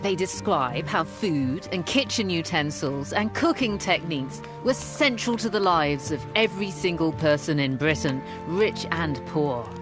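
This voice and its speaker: A woman's voice: deep voice, a little slow, hardly any pauses, over music. A woman historian and curator presenting and narrating a documentary with keen enthusiasm. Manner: enthusiastic, expressive.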